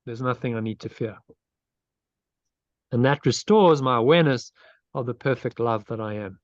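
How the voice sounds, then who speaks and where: A man leads a group discussion and then a short guided meditation over a video call, earnest and thinking aloud as he restarts his phrases. His voice sits at an ordinary pitch. The audio is dry and dull, like a low-fi online call. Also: normal speed, dry recording. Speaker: study group leader.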